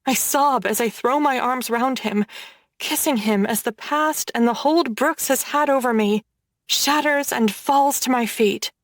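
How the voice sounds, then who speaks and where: Casting: woman narrator for a first-person romance audiobook, unhurried, close mic. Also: fairly high pitch, no room sound.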